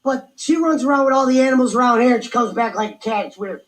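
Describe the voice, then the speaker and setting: A man telling a profane story in casual chat, animated and acting out what people said. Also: extremely high pitch, fast talker, poor audio. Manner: animated, profane, acts out quotes.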